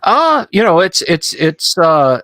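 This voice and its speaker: A man narrating a tabletop horror game as game master, halting and full of restarts. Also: sits high, big pitch swings, pushed and bright, no room sound.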